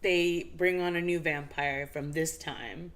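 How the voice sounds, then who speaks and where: A woman co-hosting a casual live-stream chat, telling a story with lots of fillers and acted-out bits. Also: slow pace. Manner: animated storytelling, acts out scenes with high squeals and laughs; many fillers and restarts. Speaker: podcast co-host.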